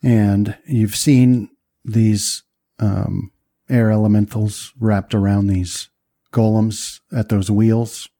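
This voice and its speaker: Dark-voiced man running a tabletop game. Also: fairly low pitch, flat delivery, no room sound, studio quality. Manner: halting, descriptive, many fillers. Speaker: game master.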